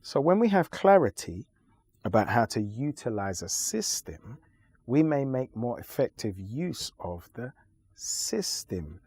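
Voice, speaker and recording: A man speaking as an interview guest, forceful and lecturing. He stretches key words and pauses to stress them. His pitch swings widely and the sound is dry and close. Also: sing-song, breathy edge, no echo. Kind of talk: emphatic conversational argument.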